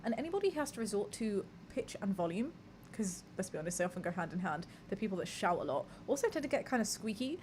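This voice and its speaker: A woman's voice: mid-range voice, sing-song, fast, very noisy. A young woman hosting a live podcast, chatting candidly with her audience, reading messages aloud and swearing casually. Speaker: podcast host. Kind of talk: casual live-stream chat.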